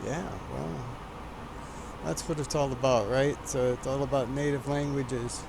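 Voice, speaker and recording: Gravelly-voiced man in casual chat. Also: mid-range voice, fairly even intonation, unhurried, noisy background. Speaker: streamer.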